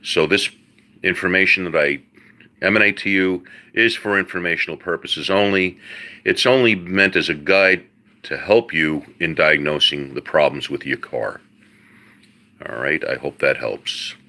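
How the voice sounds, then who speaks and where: A middle-aged man with a very low but bright, forceful voice explains engine trouble to his viewers. He talks in a folksy, unscripted live-stream way and peppers his talk with "all right" and "uh." He calls the audience folks and buddy. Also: unhurried. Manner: explains mechanics plainly. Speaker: host answering viewers' car questions.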